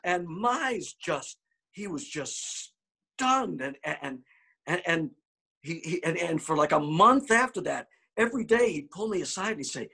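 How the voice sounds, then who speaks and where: Husky-voiced man telling a lively ballplayer yarn. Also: fairly high pitch, unhurried. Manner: animated, acts out quotes, repeats words when excited. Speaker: former ballplayer telling a clubhouse story. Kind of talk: anecdotal storytelling.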